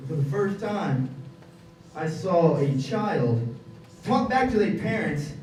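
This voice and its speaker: A young man performing a stand-up comedy set, animated, jumping into quick high-pitched voices for the people in his stories. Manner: animated, acts out others in quick high bursts. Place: comedy venue. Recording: echoey club from a distant mic, audience noise.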